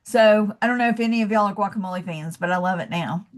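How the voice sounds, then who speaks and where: A woman's voice: mid-range voice, fast talker. A woman with a Southern US accent giving a casual, encouraging webinar presentation as a coach over a video call. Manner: chatty and encouraging, says y'all and calls listeners love.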